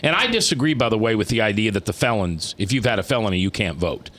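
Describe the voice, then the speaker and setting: A man's voice: fairly low pitch, very animated, a bit bright. A man hosting a talk radio show, chatting casually, rambling and restarting his sentences, stretching words for emphasis. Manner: rambling, restarts often, drawn-out emphatic phrasing.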